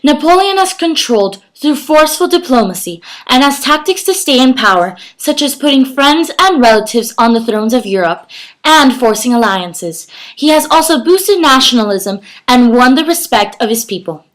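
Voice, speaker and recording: A woman's voice: high-pitched, lively intonation, normal speed. A teenage girl reading a scripted report as a mock news reporter.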